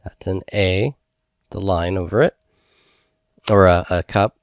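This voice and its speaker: A man's voice: sits low, steady tone, measured pace, no room sound, studio quality. A male teacher going over homework, explaining each step in a methodical, patient way. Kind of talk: homework review lesson.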